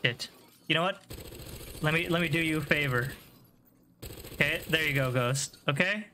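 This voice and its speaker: Bright-voiced laughing male streamer. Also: on the high side, moderate pace, a little hiss or hum. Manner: jokey, laughs often, swears, teases chat. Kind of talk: casual live gameplay commentary.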